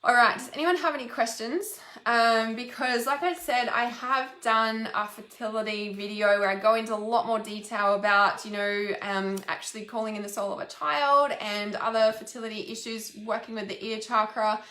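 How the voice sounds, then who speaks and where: A woman's voice: a little high, steady tone, moderate pace, few pauses, pushed and bright, roomy sound. A woman who works as an intuitive healer, talking earnestly and casually to her viewers and repeating words for emphasis. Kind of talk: casual live talk to viewers.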